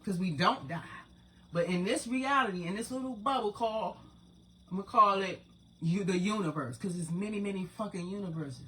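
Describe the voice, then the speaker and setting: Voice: mid-range voice, a little fast, sharp tone, slight background noise. A person in their forties, hosting their own channel, talking to viewers in a casual, profane, rambling spiritual monologue. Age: 40s. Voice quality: profane, rambling, streetwise talk.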